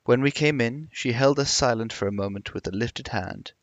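Give me a man reading audiobook narration in a measured, reflective way, with a dull, muffled recording. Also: mid-range voice, no room sound.

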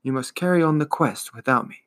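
A man voicing a weary, despairing little male horse, speaking softly and low in a storybook reading. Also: expressive, fairly quick. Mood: resigned.

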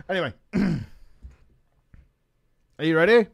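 Man, high voice, slow delivery, story reading with live commentary, swears and laughs, talks to viewers. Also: creaky. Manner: animated, swearing, laughing, addresses viewers as boys.

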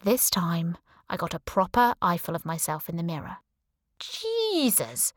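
Female audiobook narrator, lower register, wry sarcastic first-person read, dead-dry booth sound. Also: moderate pace, no room sound.

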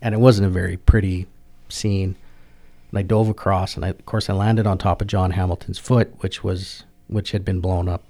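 Gravelly low-voiced man. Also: flat delivery, warm tone. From Canada. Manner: halting, repeats and restarts words, plain-spoken. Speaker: guest, military veteran. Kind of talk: personal storytelling in a podcast interview.

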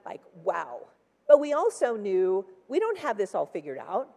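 A woman's voice: mid-range voice, wildly swooping pitch, normal speed, gravelly, dark tone, big-room sound. A woman in her sixties giving a personal testimony from a church pulpit, chatty and full of "like" and acted-out quotes. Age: 60s. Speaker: church speaker. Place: large church hall.

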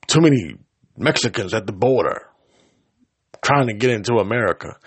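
Gravelly, husky man ranting with profanity. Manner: vulgar, confrontational, swings from loud outbursts to low mutters. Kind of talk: profane angry rant to camera.

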